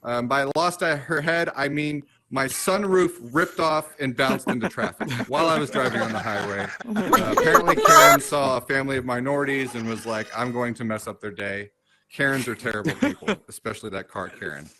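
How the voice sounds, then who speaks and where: A man in his thirties performing a stand-up set on a comedy club stage, with dry, self-mocking jokes and quick asides to the crowd. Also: mid-range voice, very animated, sharp tone, poor audio. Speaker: stand-up comedian hosting the show.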